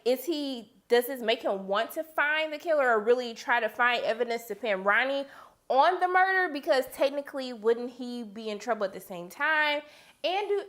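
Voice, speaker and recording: A young woman reviewing a TV episode in a casual vlog, animated and talking straight to her viewers. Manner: quotes characters with sudden high-pitched outbursts.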